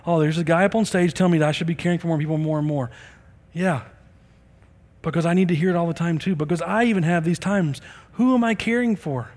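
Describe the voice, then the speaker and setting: A man's voice: sits high, a little mellow, big-room sound. A middle-aged man preaching a sermon as a pastor, earnest and conversational, acting out bits of dialogue.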